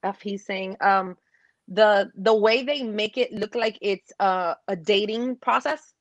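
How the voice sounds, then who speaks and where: A woman talking casually on a podcast, animated, acting out movie quotes in put-on voices. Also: mid-range voice, takes it slowly. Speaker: guest co-host.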